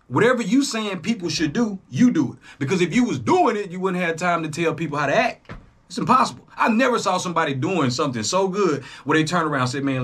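A young man, hosting a reaction channel in a casual, profane monologue that swings between loud jabs and low asides. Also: husky. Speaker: YouTube reaction host.

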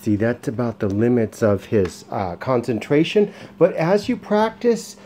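A man who sits and trains dogs, explaining casually at home. He alternates soft, soothing praise with short, firm commands. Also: mid-range voice, expressive, a little slow, a little hiss or hum. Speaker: dog sitter and trainer. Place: indoors at home.

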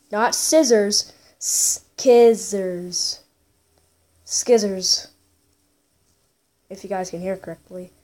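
A woman giving excitable gameplay commentary as a gaming YouTuber, full of gasps, exclamations and playful sing-song bits. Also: medium pitch.

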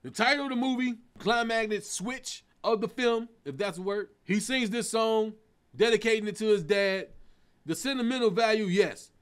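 Man, middle-aged comedian, high voice, bright sharp tone, casual profane countdown, sings bits of songs. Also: normal speed, smooth. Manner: animated, sings snatches of songs, laughs a lot, swears. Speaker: comedian host.

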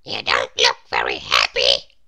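A woman doing a tiny fellow with a booming deep voice. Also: measured pace, creaky, bright, forceful tone, heavily acted. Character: tiny cheerful male storybook fellow.

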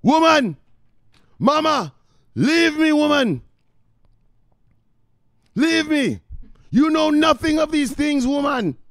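A man voicing an excitable grown son who brushes off his mother in a shrill, dismissive, breathless rush. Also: slow, gravelly, pauses often, no echo, full character voice. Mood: dismissive, excited.

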